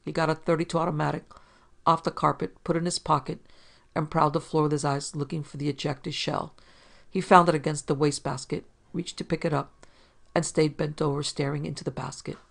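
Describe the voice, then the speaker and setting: A man narrating a hard-boiled detective story in a steady, measured reading. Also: on the high side, gravelly.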